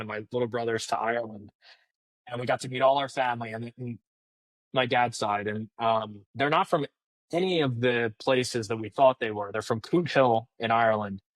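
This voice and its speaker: A man's voice: mid-range voice, dry recording. A man in his thirties, a podcast guest telling stories in a casual, chatty way with many fillers. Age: 30s. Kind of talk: casual storytelling interview.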